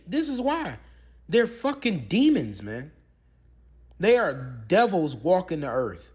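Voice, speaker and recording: Casting: male preacher-commentator, higher voice, very lively swings, emphatic and repetitive, rhetorical questions. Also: unhurried, husky. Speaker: religious commentator. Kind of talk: preaching commentary with scripture reading.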